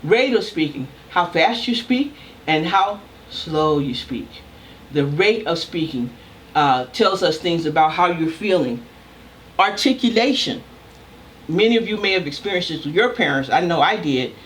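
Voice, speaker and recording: Loud-talking older woman professor lecturing. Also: fairly low pitch, expressive, slight background noise. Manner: loud talker, emphatic and deliberate. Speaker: communication professor. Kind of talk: recorded lecture.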